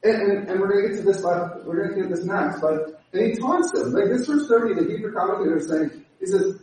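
A man preaching a sermon, animated and acting out the voices he quotes. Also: high-pitched, a little fast. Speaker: pastor. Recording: echoey hall from far off.

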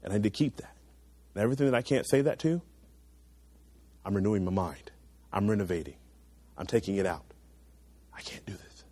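A young man preaches to teenagers in a brisk, earnest, urging way, pausing often. His voice rises loud, then drops to quiet, low asides. The sound is slightly rough, with no room sound.

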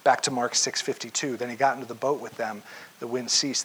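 A young male pastor with a medium-pitched, fairly bright voice preaches briskly over slight background noise on poor audio. In storytelling fashion he tells Bible stories, acting out the voices and sometimes dropping to a whisper for emphasis.

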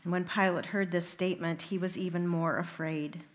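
A woman reading a Gospel passage aloud in a liturgy, steady and deliberate. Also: on the low side. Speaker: reader.

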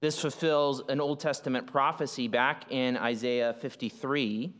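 A man's voice: mid-range voice, steady tone, measured pace, a bit bright. A male pastor preaching a sermon in an explanatory way, often restarting phrases and using fillers. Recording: long hall reverb.

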